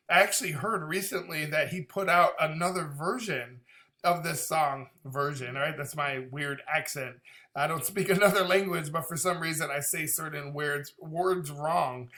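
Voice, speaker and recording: A man's voice: a little high, normal speed. A man in his thirties hosting a music reaction channel, chatting casually and animatedly. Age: 30s. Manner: animated, talkative, breaks into impressions. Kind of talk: casual reaction vlog chat.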